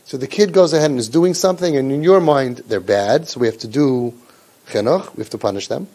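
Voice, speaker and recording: A man's voice: medium pitch, brisk, a little mellow. A man leading a parent training group, talking sarcastically and mimicking children and parents. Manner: sarcastic, mimics kids and parents in exaggerated voices. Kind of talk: spoken parent training talk.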